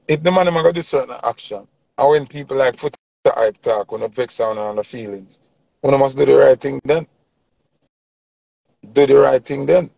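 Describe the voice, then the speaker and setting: A man's voice: mid-range voice, normal speed, vocal fry, long pauses, mellow, no room sound, lo-fi sound. A man with a Jamaican accent giving an impassioned opinion rant in heavy patois, preaching and repeating his points for emphasis. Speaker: commentator.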